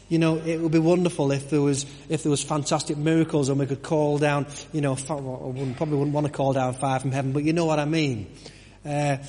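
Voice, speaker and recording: A man's voice: fairly high pitch, darkish tone, in a large hall. A man giving a conversational sermon, full of restarts and rhetorical questions. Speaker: preacher. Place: church.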